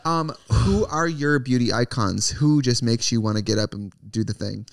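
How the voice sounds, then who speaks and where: A man's voice: medium pitch, animated, moderate pace, background noise. A man co-hosting a casual podcast chat, asking the guest questions and joking with a giggly manner. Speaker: podcast co-host.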